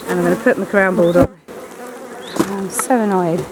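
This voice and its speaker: A woman's voice: fairly low pitch, fairly even intonation, normal speed. Blunt woman beekeeper outdoors. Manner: chatty, blunt, mildly swearing, coaxing the bees. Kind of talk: casual hands-on commentary while working. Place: outdoors at beehives on a windy day. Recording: loud wind and bee buzzing behind.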